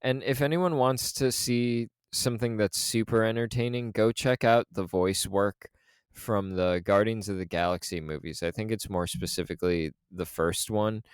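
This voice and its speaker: A male podcast co-host talks in loose, rambling stretches full of fillers. His voice sits a little low and sounds smooth. The recording is dry and close, with no room sound. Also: moderate pace, no echo. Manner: rambling, filler-heavy storytelling. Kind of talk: casual chat.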